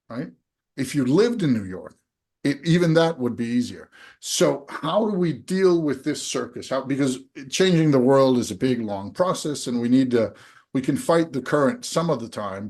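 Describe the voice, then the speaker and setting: A husky-voiced man in his forties from Denmark. He coaches a guest with frank, energetic talk. He asks pointed rhetorical questions. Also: medium pitch. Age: 40s. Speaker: host, business coach. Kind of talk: coaching conversation.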